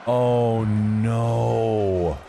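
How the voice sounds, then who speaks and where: A man's voice: fairly low pitch, steady tone, drawn-out words, gravelly, dark tone, faint music behind. A man chatting casually with his live-stream audience while playing a game, joking and reading chat messages aloud. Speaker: gaming streamer.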